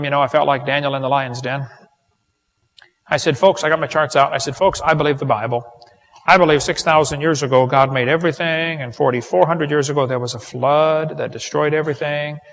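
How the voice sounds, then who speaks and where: A man giving a folksy, joking lecture to a live audience, full of rhetorical questions. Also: on the high side. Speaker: creationist seminar speaker. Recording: long hall reverb.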